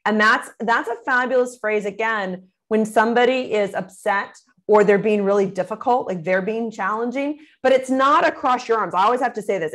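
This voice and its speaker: A woman's voice: a little high, brisk, hardly any pauses, fairly bright tone. A middle-aged woman, a communication speaker, answering interview questions expressively, acting out quoted phrases and laughing easily.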